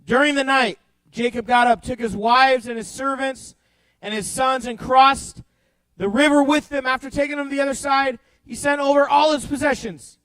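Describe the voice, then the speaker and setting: A young man leading a youth group Bible talk, playful and animated, swinging between loud bursts and hushed storytelling. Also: very high voice, normal speed, smooth, no echo, low-quality recording. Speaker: youth pastor.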